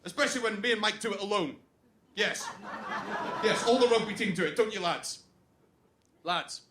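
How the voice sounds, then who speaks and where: A man's voice: high-pitched, normal speed, background noise, close to an everyday voice. A man playing a jealous, crude best man. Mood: taunting. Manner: crude, mocking, jealous rant. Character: jealous, crude young male best man giving a wedding toast. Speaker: best man giving a wedding speech. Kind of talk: comic stage monologue.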